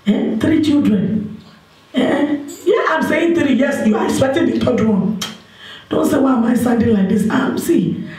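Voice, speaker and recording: A woman with a Nigerian accent playing a single woman desperate to marry, pleading and complaining on a phone call in a church stage drama, with bursts of shouting. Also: sits high. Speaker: stage actor. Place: stage in an echoey hall. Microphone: distant mic. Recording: echoey hall, distant microphone.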